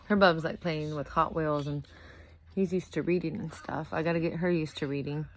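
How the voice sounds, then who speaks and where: Worn-out young mom, low voice. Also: female voice, fairly even intonation, normal speed, a little hiss or hum, poor audio. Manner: rambling, scattered, self-correcting. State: exhausted from little sleep. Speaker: vlogger, mother of two. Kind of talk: casual vlog chat. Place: at home with a toddler nearby.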